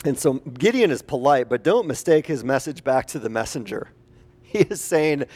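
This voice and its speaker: A man preaching a conversational sermon as a pastor, animated and chatty, putting questions to the congregation. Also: mid-range voice, moderate pace, husky.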